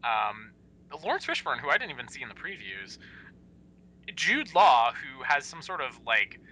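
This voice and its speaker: A young man chatting on a podcast with a very bright, forceful tone. His pitch leaps around in animated bursts, and he piles up fillers as he explains things. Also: moderate pace, rough recording. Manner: animated, lively, with many fillers and sudden pitch jumps. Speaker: podcast co-host. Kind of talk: casual chat.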